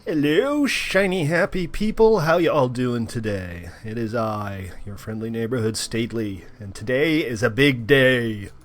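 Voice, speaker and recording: A young man hosting a live game stream, chatting playfully with bursts of loud cheering. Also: fairly low pitch, unhurried, hardly any pauses.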